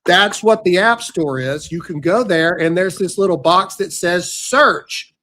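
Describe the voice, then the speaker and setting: A man's voice: high voice, a little slow, bright, forceful tone. A man hosting a podcast, talking in a brash, sarcastic, ranting way, including an ad read. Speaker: podcast host. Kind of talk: casual commentary with ad read.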